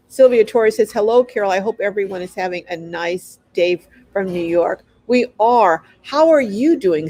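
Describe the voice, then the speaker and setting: Effusive woman livestream host, mid pitch, dry close sound, reads and greets chat viewers. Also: a little mellow, dry recording. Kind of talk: casual live chat.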